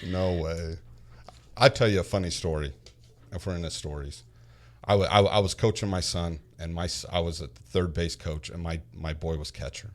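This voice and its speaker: Low-voiced man telling a lively story. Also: a little fast. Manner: animated storyteller, repeats words when starting sentences. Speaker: podcast guest. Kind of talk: casual chat.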